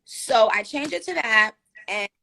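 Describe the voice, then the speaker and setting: This New York woman's voice sits a little high and has a creaky quality, and she takes her time. She's hosting a live stream, chatty and animated, tossing in lots of fillers.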